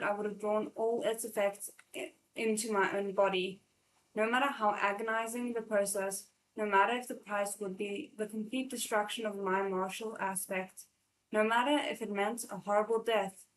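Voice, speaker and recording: A woman's voice: mid-range voice, steady tone, moderate pace, close to an everyday voice, rough recording. A woman reading a novel aloud, voicing a stern and protective male immortal master who speaks severely and stresses every word. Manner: severe, firm and emphatic. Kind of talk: live read-aloud of a novel.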